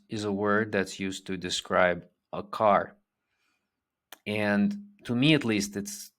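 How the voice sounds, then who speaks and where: A man giving a language lesson, explaining slowly with fillers and restarts. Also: lowish voice, fairly bright tone. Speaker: language teacher. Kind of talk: lecture.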